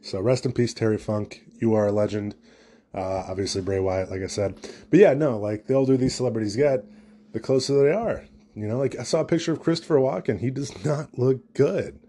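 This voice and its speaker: A man's voice: mid-range voice, fairly quick, mellow, husky. A young man, a new father, hosting a solo comedy podcast in a rambling, jokey, self-deprecating way. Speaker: podcast host.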